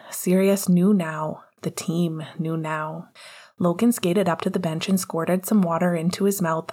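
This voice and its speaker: A woman narrating an audiobook chapter in a steady storytelling manner. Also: fairly low pitch.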